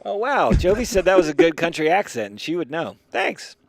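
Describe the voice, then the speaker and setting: A man's voice: a little high, big pitch swings, a little fast, gravelly, dry recording. A man co-hosting a casual comedy podcast, rambling and joking, laughing often as he talks. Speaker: podcast co-host.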